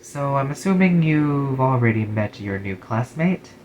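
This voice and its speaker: A man voicing a harried, stern male high school teacher who speaks briskly and firmly in a storybook reading. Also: lively intonation, darkish tone, highs cut off, slight background noise, natural voice.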